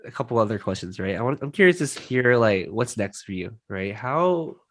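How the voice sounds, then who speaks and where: A man's voice: medium pitch, big pitch swings, normal speed, fairly bright tone. A man hosting a casual interview, talking conversationally and often tagging his questions with "right?". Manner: conversational, tags questions with 'right?'. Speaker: podcast host.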